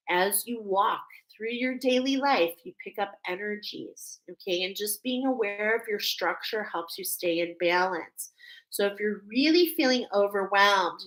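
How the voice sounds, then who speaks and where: A woman's voice: mid-range voice, bright, forceful tone, rough recording. A woman giving a chatty spiritual guidance reading, often checking in with "okay?". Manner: soothing, chatty, repeats "okay?". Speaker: spiritual reader. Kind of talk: channeled guidance talk.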